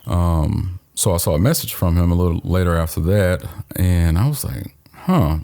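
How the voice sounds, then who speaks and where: Deep-voiced earnest man, podcast co-host. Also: fairly even intonation, normal speed, vocal fry, mellow. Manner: earnest and openly emotional. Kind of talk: casual conversation.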